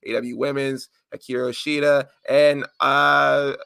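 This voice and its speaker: A man's voice: mid-range voice, flat delivery, a little slow, gravelly, pushed and bright, clear, resonant tone, dry recording. A man co-hosting a podcast in casual chat, joking loosely as he reads out listener answers. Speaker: podcast co-host.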